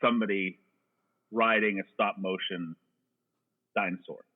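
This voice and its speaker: A man with a fairly low voice talks through old movies in a loose, rambling way, full of jokes and restarts. He comes through a narrow, tinny line that sounds like a phone call. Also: fairly even intonation, unhurried. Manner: rambling, joking movie talk with frequent "uh" restarts. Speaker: podcast guest. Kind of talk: casual chat.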